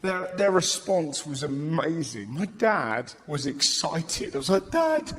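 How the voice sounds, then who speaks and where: A man with an English accent doing a live stand-up routine, telling stories in a cheeky, animated and sweary way in a large venue. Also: a little high, unhurried, a little hiss or hum. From England. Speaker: stand-up comedian. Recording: echoey arena with loud crowd.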